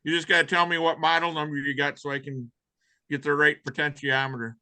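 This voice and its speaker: A man's voice: a little high, flat delivery, fairly quick, pushed and bright, no room sound. A man on a video call giving a practical, matter-of-fact explanation in casual chat. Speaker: meeting participant.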